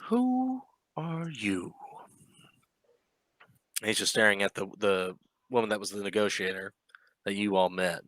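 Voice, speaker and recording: A man's voice: fairly low pitch, level tone, fairly quick, pushed and bright, no room sound. A man narrating as game master of a tabletop game, casual and descriptive.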